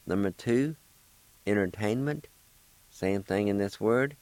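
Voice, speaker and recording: Slow, deep-voiced man teaching a language. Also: expressive, a little mellow, no echo, poor audio. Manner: patient, spells words out letter by letter; encouraging, repeats each word slowly. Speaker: language teacher and radio host. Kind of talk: radio language lesson.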